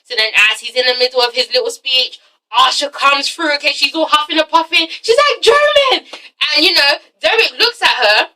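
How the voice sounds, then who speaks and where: Bright, high-voiced gossipy woman reviewer. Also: fairly quick, distant mic, poor audio. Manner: gossipy, animated, swears freely, often asks "okay?". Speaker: TV episode reviewer. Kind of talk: casual profane episode recap. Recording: voice set back from the mic.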